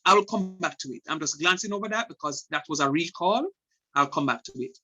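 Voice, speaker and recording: Male maths teacher, bright tone, slightly high, chatty and self-correcting. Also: fairly quick, poor audio. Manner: conversational, thinks aloud and corrects himself. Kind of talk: online lesson.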